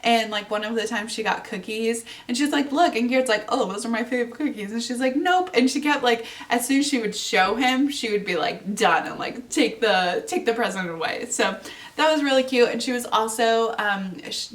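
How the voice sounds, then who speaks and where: A woman's voice: medium pitch, a bit bright, far from the mic. A woman in her twenties hosting her own podcast, chatting casually and bubbly with plenty of fillers. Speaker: podcast host. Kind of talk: casual solo podcast chat.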